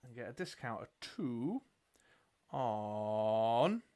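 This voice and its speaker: A man's voice: mid-range voice, lively intonation, drawn-out words, darkish tone, clean tone. A British man co-hosting a live tabletop dice game, casually thinking aloud as he reads cards and counts dice. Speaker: game show co-host.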